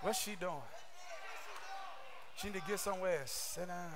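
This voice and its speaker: A man preaching a sermon with fervor, often shouting and throwing rhetorical questions at his listeners. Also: high voice, steady tone, normal speed, noisy background. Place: church service streamed online.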